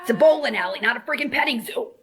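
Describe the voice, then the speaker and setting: A woman's voice: fairly high pitch, animated, fast, a bit bright, slightly rough. A woman playing a brassy, gossipy snack-bar worker at a bowling alley in a comedy sketch, calling everyone hun.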